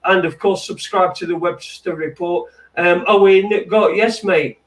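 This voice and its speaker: A man hosts a loose late-night chat show in a high voice, stammering, repeating himself and swearing freely. He sits well back from the mic. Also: fairly even intonation, measured pace. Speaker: host. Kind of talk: casual banter. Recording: distant from the mic.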